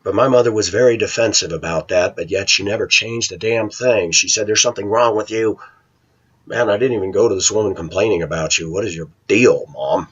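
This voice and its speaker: A man's voice: fairly low pitch, fairly quick, slightly rough, highs cut off. A middle-aged man with a blunt, ranting manner, talking casually to viewers in a vlog. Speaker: vlogger.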